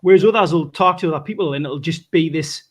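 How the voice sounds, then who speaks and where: A man's voice: fairly high pitch, fast, slightly rough. A man with a Geordie accent rambling through casual podcast chat, often correcting himself mid-sentence. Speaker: podcast co-host.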